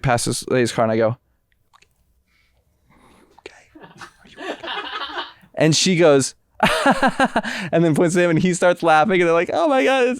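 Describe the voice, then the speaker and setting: A man's voice: smooth, dry recording, clean studio sound. A man co-hosting a comedy podcast, telling rambling stories in casual chat. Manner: rambling storyteller, bursts of high-pitched excitement. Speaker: podcast co-host.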